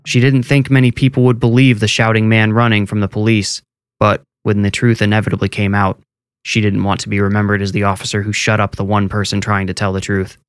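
Man narrating a horror story, low voice. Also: flat delivery, fairly quick, clean tone, no echo. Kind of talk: scripted horror audiobook narration.

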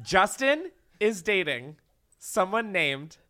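A young man hosting a comedy podcast, chatting casually in an excitable, gushing way and swearing freely into a studio mic. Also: high voice, takes it slowly. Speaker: podcast host.

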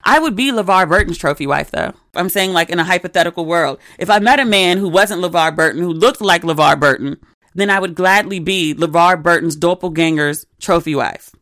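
A woman's voice: lowish voice, fairly quick, fairly bright tone, dry recording, clean studio sound. A woman in her forties hosting a solo podcast, telling stories in a candid, chatty way full of asides. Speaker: podcast host. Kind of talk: casual solo podcast chat.

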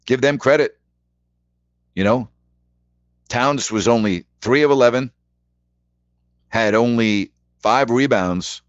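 A man's voice: fairly low pitch, no room sound, lo-fi sound. A man hosting a sports radio call-in show, rambling chattily through scores and rhetorical questions. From New York.

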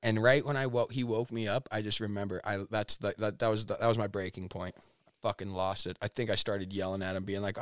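Animated, foul-mouthed male storyteller, dry sound. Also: on the low side, fast, no room sound. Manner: animated, swears constantly, acts out quotes. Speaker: podcast guest. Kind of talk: casual storytelling interview.

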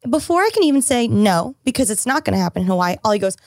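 A woman in her twenties, co-hosting a casual chat and telling animated stories, acting out what others said. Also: mid-range voice, fast, dry recording, studio quality. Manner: animated storyteller, acts out quotes. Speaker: podcast co-host.

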